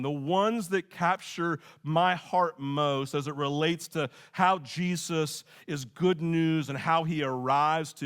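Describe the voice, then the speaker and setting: A middle-aged man preaching a sermon, telling a childhood story in an animated, conversational way and often checking in with "right?". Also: fairly high pitch, clean tone. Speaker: pastor.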